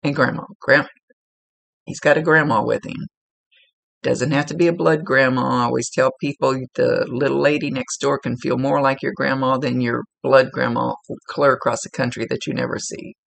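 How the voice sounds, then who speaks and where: Gravelly-voiced man giving a psychic reading. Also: medium pitch, little pitch movement, moderate pace, fairly bright tone. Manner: chatty, self-correcting, laughs easily. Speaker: psychic medium. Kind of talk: relaxed spoken reading, conversational.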